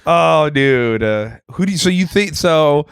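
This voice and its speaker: A man with a fairly high voice co-hosts a comedy podcast, talking in a loose, rambling, profane way packed with fillers. The sound is dry and close, with no room echo. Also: animated, a little slow, gravelly, smooth. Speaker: podcast co-host. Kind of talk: casual comedic chat.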